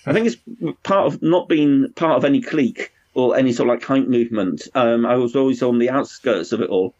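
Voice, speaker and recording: A man, a brewer and pub owner, chatting frankly and rambling in a relaxed conversation. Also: mid-range voice, a little fast, no echo. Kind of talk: casual conversation. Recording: dull lo-fi sound, dry.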